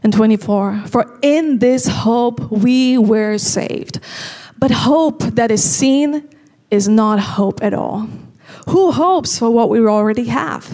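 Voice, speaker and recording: A woman preaching a sermon with earnest conviction. Her voice sits a little high, and she slows right down to lean on the lines that matter most. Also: mellow. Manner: earnest, slow and emphatic on key lines.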